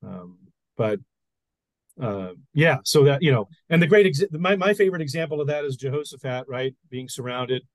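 A man's voice: mid-range voice, animated, normal speed, no room sound, poor audio. A man, a pastor and podcast co-host, explaining Bible stories in casual chat with frequent restarts.

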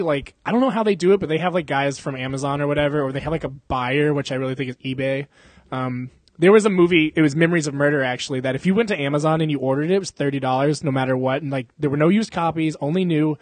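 A man's voice: a little high, fast, no echo. A young man chatting casually as a podcast host, rambling and swearing, with frequent laughs. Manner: rambling, profane, laughing often. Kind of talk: casual chat.

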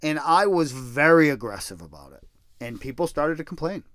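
A middle-aged man telling a personal story in a casual, blunt way, swearing and mocking himself, jumping from loud bursts to low mutters. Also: animated, normal speed, no room sound, clean studio sound. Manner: profane, blunt and self-deprecating.

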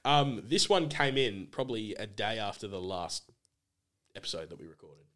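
Young Aussie co-host, casual banter, voice swings up and down, laughs and swears. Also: male voice, fairly low pitch, animated, normal speed, fairly bright tone. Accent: Australian. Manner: laughs often, swears, chimes in with short agreements. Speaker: podcast co-host. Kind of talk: casual chat.

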